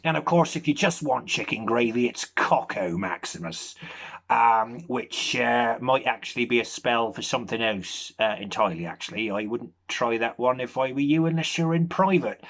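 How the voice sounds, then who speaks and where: A man giving a rambling, hesitant comic monologue, deadpan and full of ums. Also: mid-range voice, normal speed. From Nottingham, England. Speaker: comedy character monologue.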